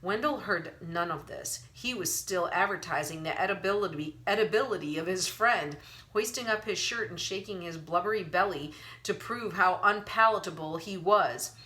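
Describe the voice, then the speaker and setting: A woman reading an audiobook aloud with an expressive storytelling manner. Her voice sits low in pitch but sounds bright and crisp, carrying the narration clearly. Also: moderate pace.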